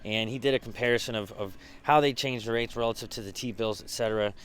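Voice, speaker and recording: A man's voice: medium pitch, fast talker, a bit bright, a little hiss or hum. A man who leads a business mastermind group, giving a casual behind-the-scenes recap, with lots of fillers and restarts.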